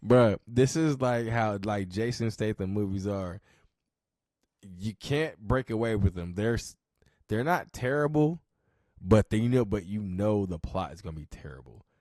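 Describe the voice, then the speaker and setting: Podcast host: low-voiced man, relaxed and profane, chuckling through his reactions, dry sound. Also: moderate pace, dry recording. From Southern California. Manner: laid-back, profane, laughs a lot. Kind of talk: casual reaction commentary.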